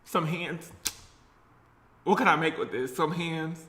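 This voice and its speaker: A man's voice: fairly high pitch, takes it slowly, sharp tone, roomy sound, slight background noise. A man chatting playfully and sassily in a casual eating vlog. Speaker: vlogger.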